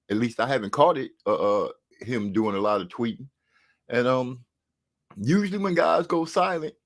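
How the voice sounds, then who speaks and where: A man hosting a boxing talk show, chatting casually and rambling with frequent fillers and restarts. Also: medium pitch. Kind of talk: casual livestream commentary.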